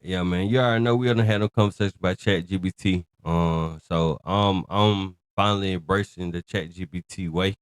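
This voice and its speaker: A man's voice: low-pitched, steady tone, a little fast, few pauses, smooth, dry recording. A man hosting a casual commentary show, talking in a slangy, emphatic, rambling way. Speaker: host.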